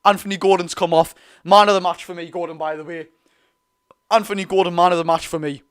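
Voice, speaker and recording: Young male Geordie fan streamer, high-pitched, swings from chatty play-by-play to shouting. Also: fast. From North East England. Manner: excitable, loud celebrating, swearing; partisan play-by-play with repeated phrases. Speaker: fan watch-along streamer. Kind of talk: live fan commentary.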